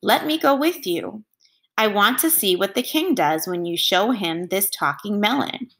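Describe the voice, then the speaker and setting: A woman voicing a hot-tempered, excitable male warthog. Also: mid-range voice, unhurried, creaky. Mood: excited.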